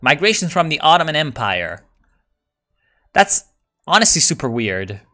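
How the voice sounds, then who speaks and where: Bright-voiced, excitable man streaming a game. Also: on the high side, a little slow. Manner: excitable, profane, jumps between mumbling and shouting. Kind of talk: live gameplay commentary, reading chat.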